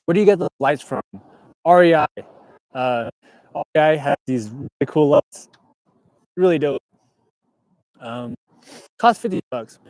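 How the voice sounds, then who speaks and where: A man's voice: on the high side, a little slow, long pauses, a little mellow, no echo. A young man from California chatting casually on a livestream from inside his car, reading viewer comments aloud in a laid-back way. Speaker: livestream host. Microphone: clip-on mic.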